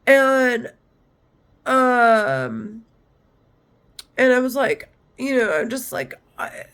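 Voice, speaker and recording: A woman's voice: on the high side, expressive, very slow, a bit bright, clean tone. Agitated, swearing woman vlogger. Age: adult, mother of children. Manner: agitated, rambling, heavy swearing. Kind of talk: personal monologue to camera.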